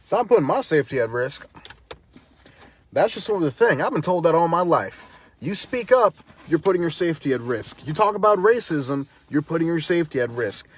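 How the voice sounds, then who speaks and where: A man's voice: fairly high pitch, very animated, a little fast, husky. A man speaking as a protest activist, fiery and defiant, hammering points home through repetition. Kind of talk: impassioned direct-to-camera talk.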